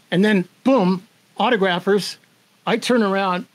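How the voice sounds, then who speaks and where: A man's voice: sits high, moderate pace, rough recording. An older man, a guest in an interview, telling a story with animation, acting out the voices of the people in it and laughing as he goes. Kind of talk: storytelling in conversation.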